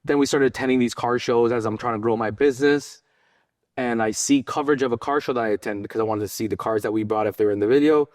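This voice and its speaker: A man's voice: mid-range voice, fast, a little mellow, no echo. A man with a mid-range voice tells his business stories bluntly and casually. He swears freely and plays out the dialogue he recalls. The sound is dry and close. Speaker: business owner and guest. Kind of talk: casual interview storytelling.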